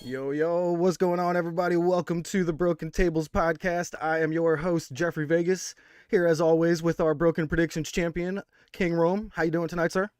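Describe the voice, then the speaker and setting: A man's voice: a little high, fairly even intonation, normal speed, darkish tone, smooth, dry recording, clean studio sound, faint music behind. A man hosting a wrestling review podcast, upbeat and hyped, with lots of fillers. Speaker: podcast host. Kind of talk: casual wrestling podcast chat.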